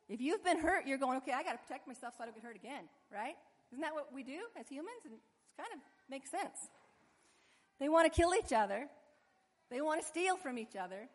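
A woman preaching a sermon in an animated way, acting out the voices of the people in her story. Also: high-pitched. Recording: long hall reverb.

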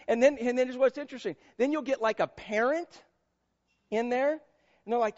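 High-voiced joking pastor in church. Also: male voice, lively intonation, brisk, darkish tone, dull audio. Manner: playful, joking asides, acts out quoted voices. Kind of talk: sermon. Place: church sanctuary.

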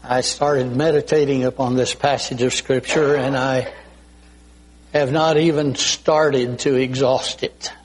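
An older man preaching a sermon slowly and deliberately, often pausing to clear his throat. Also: mid-range voice, flat delivery, slight background noise, poor audio. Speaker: pastor.

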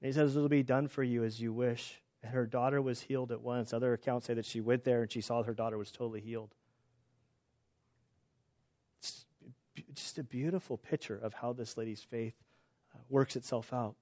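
A man preaching a sermon in a casual, animated way, joking about himself and often restarting his sentences. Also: mid-range voice, moderate pace, pauses often. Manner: casual, animated, self-deprecating jokes, many restarts. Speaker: pastor. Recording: slightly dull lo-fi sound.

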